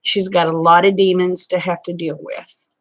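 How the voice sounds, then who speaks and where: A woman's voice: fairly low pitch, flat delivery, normal speed. A woman chatting casually with viewers on a live stream, folksy and talkative. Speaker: vlogger.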